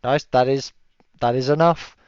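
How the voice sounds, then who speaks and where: Chatty game master with smooth, dull-sounding audio. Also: male voice, normal speed, no echo. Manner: relaxed, chatty, laughs often, shouts enemy cries in high voices. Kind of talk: narrating a tabletop game. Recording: dull lo-fi stream audio, dry.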